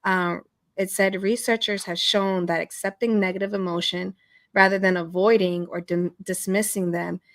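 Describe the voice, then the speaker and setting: A woman's voice: mid-range voice, fairly even intonation, moderate pace, fairly bright tone, no echo, clean studio sound. A woman co-hosting a casual podcast chat, earnest and slangy with plenty of fillers. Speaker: podcast co-host.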